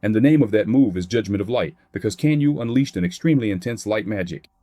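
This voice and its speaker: A man's voice: fairly low pitch, lively intonation, fast talker, dark tone, no room sound. A man narrating a comic recap in a plain scripted read, voicing characters' quotes in his own voice.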